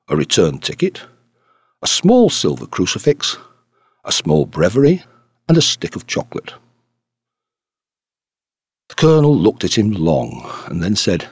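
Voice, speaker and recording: Man reading a detective story, husky and expressive, very dry recording. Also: sits low, no echo. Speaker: audiobook narrator. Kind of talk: scripted narration.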